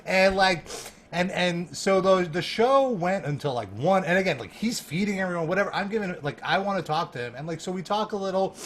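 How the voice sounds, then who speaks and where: Man, podcast guest, casual storytelling, lively, laughing, fillers, faint background hiss. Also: high-pitched, brisk. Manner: animated, laughing, heavy use of "like" fillers. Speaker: guest, music journalist.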